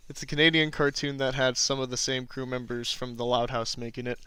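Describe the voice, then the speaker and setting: A man with a bright, crisp voice chats casually while he draws and answers viewers' questions. He is easygoing and self-deprecating, and he chuckles often. The sound is dry and close, with no room echo. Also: medium pitch, level tone, fairly quick, few pauses. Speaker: artist streaming drawing requests and Q&A. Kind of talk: casual livestream chat.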